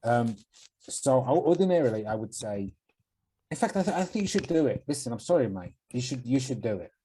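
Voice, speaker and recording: A man's voice: mid-range voice, big pitch swings, a little fast, warm tone, slight background noise, low-quality recording. A young man co-hosting a podcast in casual chat, laid-back and giving blunt advice with some swearing. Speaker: podcast co-host.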